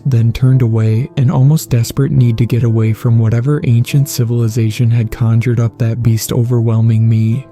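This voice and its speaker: A man narrating a horror story in an even, measured storytelling voice. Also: mid-range voice.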